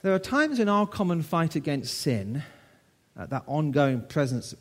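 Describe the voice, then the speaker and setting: A man's voice: a little high, sing-song, unhurried. A man in his sixties from the United Kingdom preaching a sermon to his church, telling a story in a conversational way with rhetorical questions.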